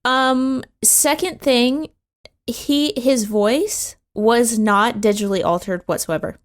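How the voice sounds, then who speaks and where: Slow-talking woman podcast host. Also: fairly high pitch. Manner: slangy, says dude and bro. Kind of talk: casual chat.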